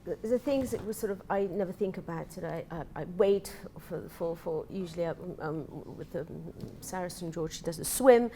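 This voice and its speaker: A woman guest on a talk show telling an animated story, acting out her own thoughts and laughing often. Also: lowish voice, moderate pace, hardly any pauses, a little hiss or hum. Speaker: event participant guest. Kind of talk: casual talk show chat.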